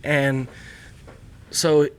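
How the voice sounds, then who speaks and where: A man's voice: fairly high pitch, flat delivery, extremely slow, smooth. A man, a podcast guest telling a long anecdote in casual conversation and acting out the people in it. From Texas. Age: 30s. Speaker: podcast guest, beef company founder.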